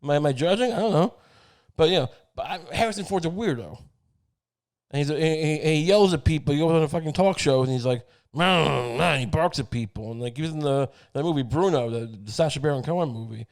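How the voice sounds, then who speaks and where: A man's voice: a little high, animated, quick pace, darkish tone. A man hosting a podcast, rambling through a sarcastic, profane comedic monologue. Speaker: podcast host.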